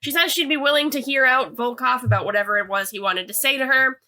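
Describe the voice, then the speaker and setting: Bright chatty woman recapping a show. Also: high-pitched, quick pace. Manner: chatty, hedging with "like", reads quotes aloud. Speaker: podcast co-host. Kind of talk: casual episode recap.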